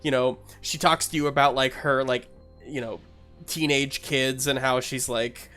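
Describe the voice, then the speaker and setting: A man's voice: medium pitch, fairly even intonation, a little slow, sharp tone, faint music behind. A man narrating as game master in a tabletop game, in a loose, filler-heavy way.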